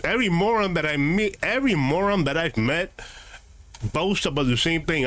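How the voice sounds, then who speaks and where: A man's voice: fairly high pitch, animated, fairly quick, a bit bright. A man streaming a game, answering his live chat in a combative, sarcastic, lecturing way.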